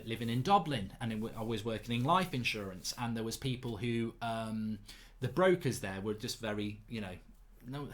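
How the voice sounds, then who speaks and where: Man, thirties, mid-pitched voice, lively anecdotes, teasing jibes. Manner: cheeky, animated anecdotes with mocking jibes. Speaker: podcast host. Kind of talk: casual storytelling.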